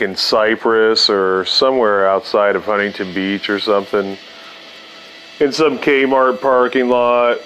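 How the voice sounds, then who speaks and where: A man's voice: on the low side, a bit bright. A man telling a story from his past in a casual, laid-back way, cursing freely and laughing often.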